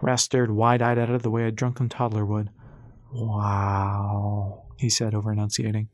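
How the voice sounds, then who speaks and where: A man narrating an audiobook in a steady, even storytelling voice. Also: medium pitch, quick pace, no echo.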